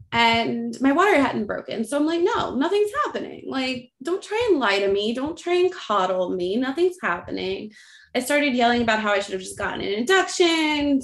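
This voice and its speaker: A woman in her thirties casually telling her birth story as a podcast guest, animated and acting out the voices of others. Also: on the high side. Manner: animated, acts out quoted voices, frequent likes. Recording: roomy echo.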